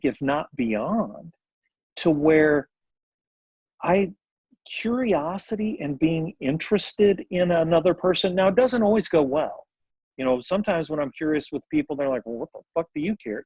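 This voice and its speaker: A man with a slightly high, husky voice talks as a therapist guest on a podcast. He speaks reflectively and slows down to stress key ideas. The sound is dry and a little dull, like a lo-fi remote recording. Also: darkish tone, no room sound. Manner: reflective, thoughtful, slows down for emphasis. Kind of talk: podcast conversation.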